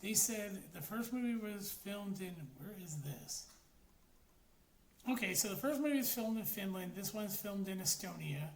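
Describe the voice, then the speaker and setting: Profane, rambling woman in an echoey room. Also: mid-range voice. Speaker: film reviewer. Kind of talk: casual spoken movie review. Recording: roomy echo, faint background noise.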